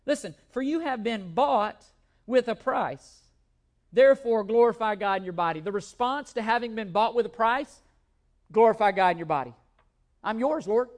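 A man's voice: high voice, moderate pace. A man preaching a sermon as pastor, emphatic, often repeating words and asking rhetorical questions.

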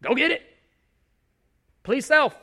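Man, pastor, sermon, emphatic, very high voice. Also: animated, slow pace, sharp tone. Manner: impassioned, emphatic preaching with repetition.

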